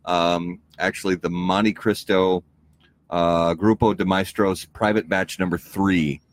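A man with a very deep, low voice talks in an easygoing, rambling way. He co-hosts a casual podcast chat and fills his sentences with ums and uhs. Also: slow pace, a little hiss or hum. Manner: relaxed, rambling, many fillers. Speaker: podcast co-host.

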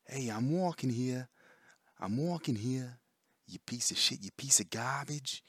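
Guy putting on a loud new york tough guy, pitched way up from his normal voice, abrasive. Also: lively intonation, a little slow, husky, no room sound, studio quality. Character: brash stereotypical New York man yelling.

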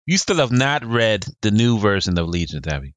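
Animated, emphatic man with teasing bluntness. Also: on the low side, normal speed, dry recording. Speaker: podcast co-host. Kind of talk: casual chat.

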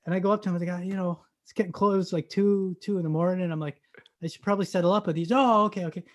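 A man from Canada telling a story in casual chat, acting out the dialogue and bursting into loud excited shouts. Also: high-pitched, fast talker.

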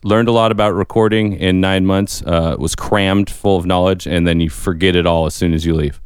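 Young man, podcast co-host, rambling talkative chat, very low voice, dry sound. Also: steady tone, normal speed, clean tone, no room sound. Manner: rambling, talkative, self-deprecating. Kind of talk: casual chat.

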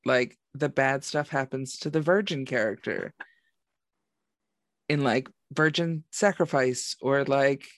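Man, mid pitch, loose rambling movie chat, dry mic. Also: slow pace, fairly bright tone, dry recording. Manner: rambling, filler-heavy storytelling. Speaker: podcast co-host. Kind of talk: casual movie review chat.

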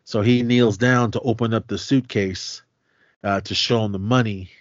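A man's voice: fairly low pitch, moderate pace, no echo, lo-fi sound. A man co-hosting a podcast, casually recapping a film scene by scene and acting out the characters' lines as he goes. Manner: animated retelling, voicing characters' lines. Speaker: podcast co-host.

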